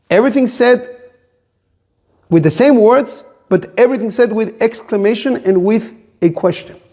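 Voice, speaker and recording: A man's voice: sits high, a little mellow. A middle-aged man, a rabbi, preaching a sermon with impassioned rhetorical questions and Hebrew terms woven into his talk.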